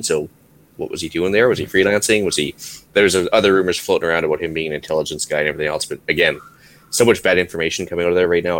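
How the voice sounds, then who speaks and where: A man's voice: sits low, fairly bright tone. A Canadian man co-hosting a podcast, chatting casually and joking as he rambles through the news. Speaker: podcast co-host. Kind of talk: casual chat.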